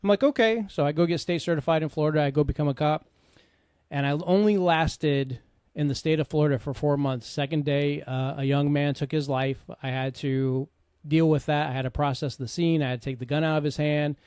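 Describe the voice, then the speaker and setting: Earnest middle-aged man, higher-pitched. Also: steady tone, brisk, darkish tone, clean tone, no room sound, clean studio sound. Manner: earnest, conversational, with frequent asides. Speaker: podcast host and coach. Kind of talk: candid personal storytelling.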